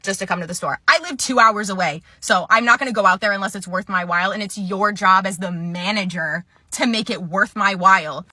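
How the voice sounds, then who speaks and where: A woman's voice: mid-range voice, a little fast, few pauses, pushed and bright, no room sound. A woman playing a nasty swearing phone customer. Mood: scornful. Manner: insulting, swearing, condescending. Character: rude, belligerent adult woman customer on the phone. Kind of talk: comedy skit role-play.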